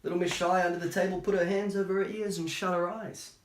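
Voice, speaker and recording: A man's voice: high-pitched, little pitch movement, fast, slight background noise. Man reading a picture book, echoey room. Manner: chatty, gentle, sympathetic asides. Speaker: storytime reader. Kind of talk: reading a picture book aloud with casual asides. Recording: roomy echo.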